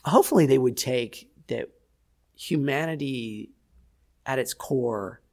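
A man's voice: mid-range voice, takes it slowly, a little mellow. A man in his forties, a voice actor, chatting thoughtfully in an interview, often restarting his sentences as he searches for words. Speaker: voice actor guest. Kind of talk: casual interview chat.

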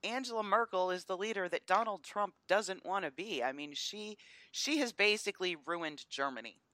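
A woman's voice: medium pitch, moderate pace, pushed and bright, no echo. A woman co-hosting a podcast, talking politics in an emphatic, scornful way. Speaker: podcast co-host. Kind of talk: casual political chat.

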